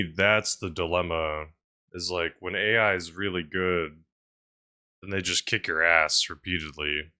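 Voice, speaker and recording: Low-voiced chatty man streaming a game. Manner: rambling, chatty, musing aloud; swings between loud bursts and mumbled asides. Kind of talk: casual live-stream commentary while playing.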